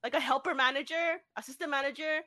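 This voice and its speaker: A young woman chatting casually with friends, telling a work story with animated, swearing delivery. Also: high-pitched, quick pace, no room sound. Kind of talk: casual chat.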